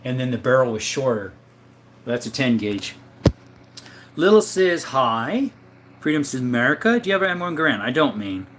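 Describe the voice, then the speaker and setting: A man hosting a casual livestream from his home, reading viewer questions aloud and answering them one by one in a relaxed way. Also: mid-range voice, normal speed, pauses often, background noise. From southern Arizona. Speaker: gun channel host reading live chat. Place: indoor room full of guns.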